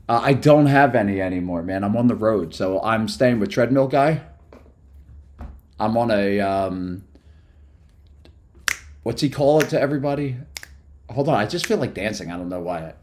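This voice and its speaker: Running on no sleep, a man chats casually on a live stream, hyper and rambling from one topic to the next. His voice is lowish and a little mellow.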